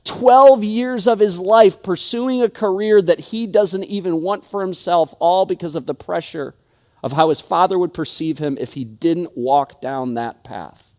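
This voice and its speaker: Stammering pastor preaching a sermon. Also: male voice, high-pitched, a little slow, darkish tone. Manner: frequent stutters and word repeats; storytelling, acting out quoted friends.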